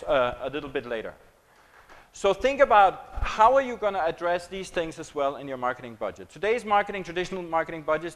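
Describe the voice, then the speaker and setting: A man's voice: a little high, low-quality recording. A man giving a conference presentation. He talks conversationally, asking the audience questions and joking. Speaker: keynote speaker on marketing.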